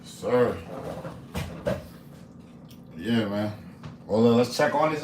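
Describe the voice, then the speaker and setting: A man's voice: mid-range voice, animated, slow pace, long pauses, darkish tone, a little hiss or hum. A man cooking live and talking to his chat in an upbeat, preachy way, repeating his phrases. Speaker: cooking and motivation streamer. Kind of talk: casual live-stream talk while cooking. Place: home kitchen. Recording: roomy kitchen with faint ambience.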